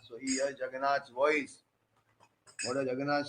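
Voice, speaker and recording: A man giving a storytelling sermon as a preacher, animated and often asking questions of his listeners. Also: mid-range voice, normal speed, long pauses. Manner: animated, with many "you know" fillers and questions to the audience.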